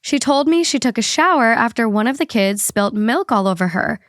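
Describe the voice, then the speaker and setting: A woman's voice: a little high, lively intonation, normal speed, no room sound, studio quality. A young adult woman hosting a casual podcast, chatting and reading posts aloud steadily. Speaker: podcast host.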